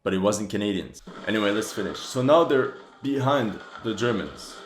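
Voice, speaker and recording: Casting: low-pitched male history host doing reaction commentary, critical and exasperated, in a roomy echoey space. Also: animated, normal speed. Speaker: history channel host reacting to a war film. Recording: roomy echo.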